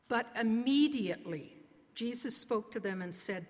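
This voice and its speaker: A woman preacher giving a sermon in an earnest, conversational way, slowing down to stress key words. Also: medium pitch, darkish tone. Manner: earnest, conversational preaching with slow emphatic pauses. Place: church sanctuary. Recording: long reverb of a large hall.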